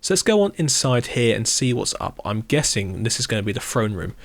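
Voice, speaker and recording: A man's voice: fairly low pitch, sing-song, fairly quick, gravelly, dry recording. Upbeat man touring a game server. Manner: enthusiastic, rambling, chuckles often. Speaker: YouTuber touring his creative game server. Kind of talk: casual gameplay walkthrough commentary.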